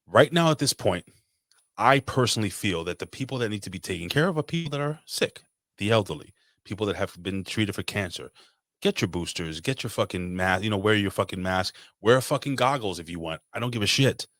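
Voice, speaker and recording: A man's voice: lowish voice, lively intonation, a little fast, fairly bright tone, dry recording, clean studio sound. A man from New York City co-hosting a podcast, ranting casually and swearing constantly. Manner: profane ranting. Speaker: podcast co-host. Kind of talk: casual chat.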